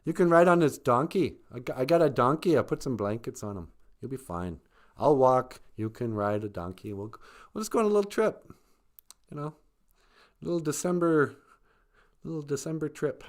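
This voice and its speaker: A man's voice: medium pitch, normal speed, pitched above the performer's own voice, lightly acted. A man voicing an easygoing husband who turns mock-polite when asking for a room. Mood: laid-back. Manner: laid-back, falsely formal when asking.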